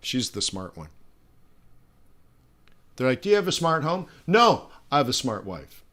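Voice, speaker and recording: A middle-aged man hosts a live forex trading stream in a medium-pitched, fairly bright voice with big pitch swings, talking a little slowly. He's chatty and rambling, with many asides, fillers, and restarts.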